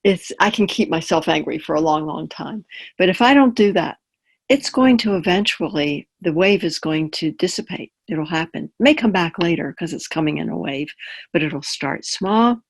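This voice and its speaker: A woman chaplain teaching in an easy, conversational tone over a webinar. She draws on personal examples and keeps checking in with quick questions to her audience. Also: on the low side, expressive, slightly rough. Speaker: palliative care chaplain. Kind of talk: webinar talk.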